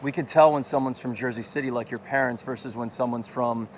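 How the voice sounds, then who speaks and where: A man's voice: mid-range voice, steady tone, a little fast, slight background noise. A man answering questions in a casual street interview, a little hesitant and repeating words.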